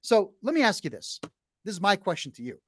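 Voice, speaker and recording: He's a brash, middle-aged podcast host whose high, sing-song voice moves fairly quickly. In casual conversation he bluntly tells a long story, frequently restarting and leaning on fillers.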